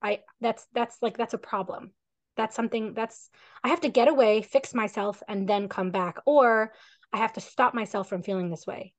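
A woman's voice: fairly high pitch, moderate pace, no echo. A woman co-hosting a parenting podcast, talking in an earnest, reflective way over a video call. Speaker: parenting coach and podcast co-host.

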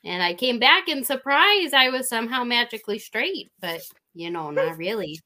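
A woman's voice: fairly high pitch, big pitch swings, moderate pace, pushed and bright. A woman with a Midwestern accent co-hosting a casual podcast, frank and self-mocking, laughing often as she talks. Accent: Midwestern American. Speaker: podcast co-host. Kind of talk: casual chat.

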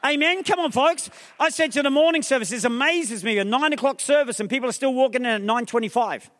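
A male pastor preaching an energetic sermon, rousing the crowd with repeated questions and calls, mixing in humorous asides. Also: very high-pitched, fast. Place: large theatre hall. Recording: long reverb of a large theatre.

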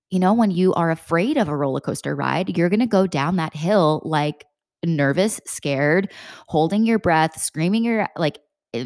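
Young mom coach woman, low voice, dry close sound, earnest and a bit sweary. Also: darkish tone, no room sound. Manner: earnest, repeats questions, casual swearing. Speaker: mindset coach for mothers. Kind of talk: motivational talk.

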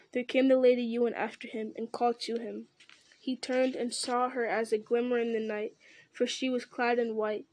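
A woman reads a fantasy novel aloud in a steady, even voice. Her pitch sits fairly high but barely moves, keeping the narration flat and level. The sound is dry, with no room around it. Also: dry recording. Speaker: reader.

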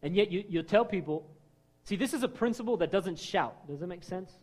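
A man preaching a sermon in a conversational way, acting out quoted voices and swinging between loud lines and hushed ones. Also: sits high, expressive, brisk. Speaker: pastor.

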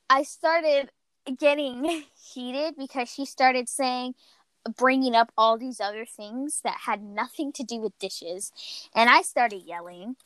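A woman's voice: high voice, no echo, poor audio. A young woman hosting a podcast, telling a story in casual chat and acting out what people said. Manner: animated storytelling, acts out quotes. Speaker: podcast host.

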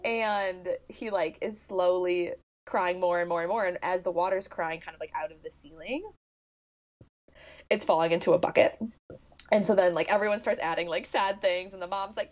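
A young woman co-hosting a podcast, retelling a film's plot in casual chat, animated and full of "like" fillers, laughing often. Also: lowish voice, moderate pace. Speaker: podcast co-host. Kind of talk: casual movie recap chat.

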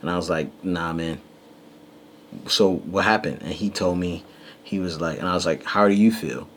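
Man, very deep voice, podcast co-host, casual storytelling, animated quotes, faint hiss. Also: moderate pace.

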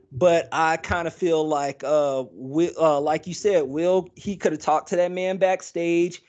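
A man's voice: on the high side, a little mellow. A man co-hosting a podcast, talking casually and rambling with many fillers and restarts. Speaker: podcast co-host. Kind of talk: casual chat.

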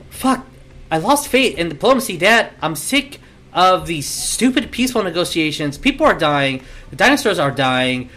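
A man's voice: fairly high pitch, a bit bright, exaggerated voice. A man voicing an angry, defiant young woman rebel who swears and argues in a tabletop game. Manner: heated, swearing, impatient.

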